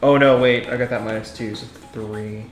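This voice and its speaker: A man's voice: on the low side, steady tone, moderate pace. A man playing in a tabletop game, chatting casually about dice and rules. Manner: casual, chatty rule talk. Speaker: player. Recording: roomy echo, faint music.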